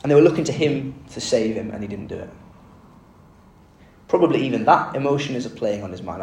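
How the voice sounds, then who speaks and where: A man's voice: mid-range voice, animated, brisk, creaky, long pauses, darkish tone. Man preaching, conversational storytelling, rhetorical questions, roomy echo, slightly off-mic. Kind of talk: sermon. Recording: echoey room, mic at a distance.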